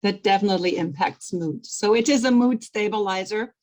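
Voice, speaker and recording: A woman's voice: mid-range voice, a little fast, darkish tone, poor audio. A woman from Germany, hosting an interview in an enthusiastic, encouraging way. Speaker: interview host. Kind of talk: conversational interview.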